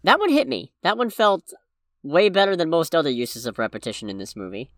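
A man's voice: on the high side, huge pitch swings, brisk, fairly bright tone, no room sound, clean studio sound. A man co-hosting a podcast, talking casually about a film and reacting with short remarks. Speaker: podcast co-host. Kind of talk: casual movie review chat.

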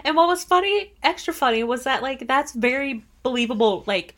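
A woman's voice: high-pitched, animated, normal speed, a bit bright. A woman co-hosting a casual book podcast, laughing often as she retells funny scenes. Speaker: podcast co-host. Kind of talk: casual book-club chat.

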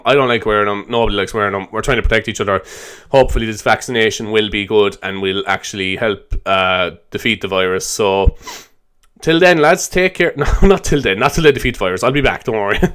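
A man's voice: on the low side, a little fast, a bit bright, clear, resonant tone. A young Irish man hosting a solo comedy podcast, rambling, swearing and poking fun at himself. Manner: rambling, swearing, self-mocking. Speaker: podcast host.

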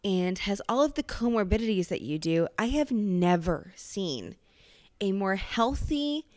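A woman's voice: mid-range voice, very animated, unhurried, darkish tone, dry recording, studio quality. A woman hosting a podcast, chatting casually and telling a rambling, profane story. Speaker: podcast host. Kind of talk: casual chat.

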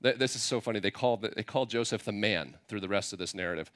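A man's voice: lowish voice, fast, fairly bright tone. Conversational man preaching a sermon. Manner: conversational, mixes scripture reading with playful paraphrase. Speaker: pastor.

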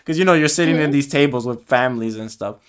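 A man's voice: medium pitch, fast talker, smooth. Reflective young man co-hosting a podcast. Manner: soft-spoken, reflective, many fillers and restarts. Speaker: podcast co-host. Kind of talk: casual chat.

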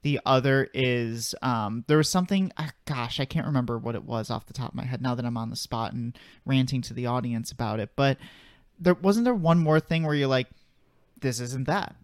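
A man's voice: mid-range voice, brisk, clean tone, no room sound. Man from Chicago, joking podcast co-host. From Chicago area. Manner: joking, ranting about food. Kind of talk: casual chat.

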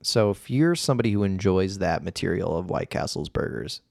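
A man co-hosting a casual movie podcast, talking in an excitable, playful way with profane outbursts. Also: low-pitched, a little fast, creaky, no room sound, clean studio sound. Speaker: podcast co-host. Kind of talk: casual chat.

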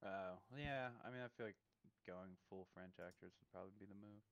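A man co-hosting a casual film review chat, halting and hedging as he gives his opinions. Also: low-pitched, fairly bright tone, lo-fi sound, a little hiss or hum. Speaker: podcast co-host.

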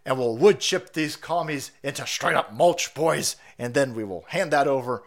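A man's voice: mid-range voice, moderate pace. A man hosting a livestream, ranting in a profane, fired-up, rallying way while sick with a cold. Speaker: livestream host.

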